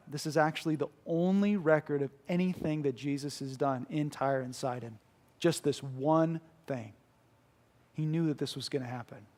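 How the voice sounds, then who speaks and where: A man preaching a sermon in an earnest, emphatic way, repeating key phrases for weight. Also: a little high.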